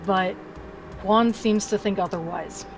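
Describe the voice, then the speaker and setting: A woman's voice: mid-range voice, measured pace, vocal fry, slight background noise. A woman playing a tabletop game, speaking in character in a blunt, matter-of-fact way. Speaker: player. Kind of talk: tabletop role-play.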